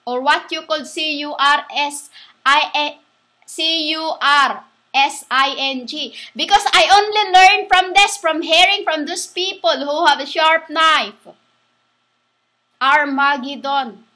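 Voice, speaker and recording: A woman giving a rambling religious monologue, halting and restarting, spelling words out letter by letter. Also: high voice, sharp tone. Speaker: self-styled preacher.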